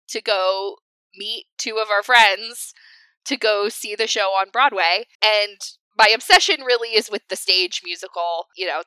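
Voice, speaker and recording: A young adult woman co-hosting a casual podcast chat, animated and laughing often. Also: mid-range voice, clean tone, dry recording, poor audio. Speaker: podcast co-host.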